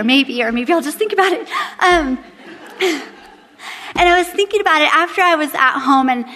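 A woman in her thirties preaches a devotional talk in a candid, joking, lively way. Her voice sits high, and it carries a long hall reverb. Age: 30s. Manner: candid, humorous, animated. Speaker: women's Bible study speaker. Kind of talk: devotional sermon.

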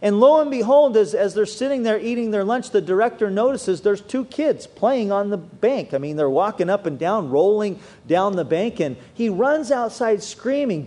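Animated preaching man with a lively pitch. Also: moderate pace, few pauses. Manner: animated preaching with wide swings in pitch and loudness. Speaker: pastor. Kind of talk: sermon.

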